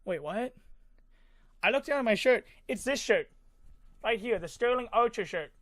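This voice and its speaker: High-voiced man rambling through a story. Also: expressive, moderate pace, fairly bright tone, no echo, studio quality. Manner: rambling, filler-heavy, sound effects. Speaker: vlogger. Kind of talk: casual storytelling.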